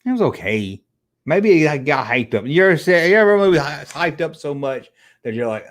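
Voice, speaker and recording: Animated, swearing middle-aged man. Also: a little high, a little fast. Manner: animated and profane, rambling between tangents. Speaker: livestream host. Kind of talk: casual livestream chat, answering viewers.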